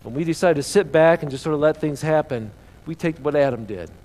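Male pastor delivering an emphatic sermon with rhetorical questions, somewhat high voice, faint background noise. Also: fairly quick, darkish tone.

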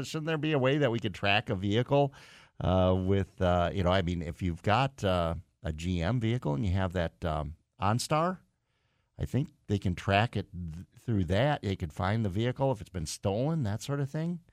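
A man's voice: on the low side, animated, moderate pace, no echo, studio quality. A man hosting a call-in radio show, thinking aloud in a casual, rambling way with plenty of fillers and restarts. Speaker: radio talk show host. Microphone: studio microphone.

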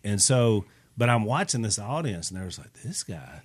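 A man with a lower-pitched voice tells a story across a podcast table. He is a preacher in casual chat and acts out other people's lines as he goes. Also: expressive, moderate pace. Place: studio table.

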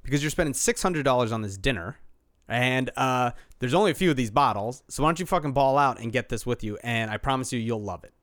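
A man's voice: mid-range voice, quick pace, dry recording, clean studio sound. A man co-hosting a sports podcast, chatting casually and animatedly, swearing freely. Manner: animated, swearing, puts on quoted voices. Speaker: podcast co-host. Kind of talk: casual chat.

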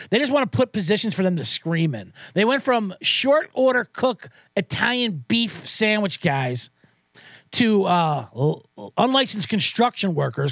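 A man's voice: high-pitched, fairly bright tone, dry recording, clean studio sound. A man hosting a podcast, ranting in a profane, sarcastic and rambling way with many restarts. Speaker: podcast host. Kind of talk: comedic rant.

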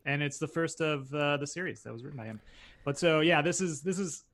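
A man's voice: a little high, brisk, a bit bright. A man co-hosting a podcast, running down an episode with dry, wry remarks. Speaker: podcast co-host. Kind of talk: casual episode rundown.

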